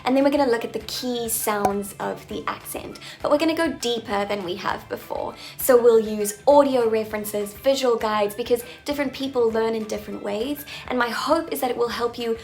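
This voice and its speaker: A woman's voice: a little high, normal speed, hardly any pauses, darkish tone. A woman accent coach making an upbeat announcement to her viewers, with playful, jokey asides.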